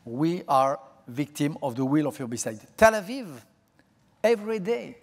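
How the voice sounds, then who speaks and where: An older man whose first language is French, speaking English with a French accent as a guest on stage in a large auditorium, slowly searching for his words. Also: on the high side, very animated. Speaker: interview guest. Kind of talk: public onstage conversation. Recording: hall reverb from a stage.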